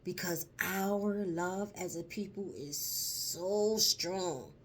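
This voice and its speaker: A woman's voice: on the low side, slight background noise. A woman chatting casually to her vlog audience, emphatic and profane, getting choked up as she talks. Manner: slow, emphatic and profane, lingers on words; emotional, choked up while telling a story. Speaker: vlogger. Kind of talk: casual spoken vlog chat.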